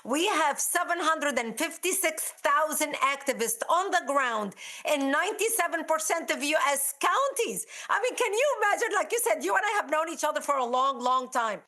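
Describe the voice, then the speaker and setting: A woman's voice: sits high, lively intonation, normal speed, pushed and bright. A woman from Lebanon, a guest on a talk show, speaking emphatically in an interview.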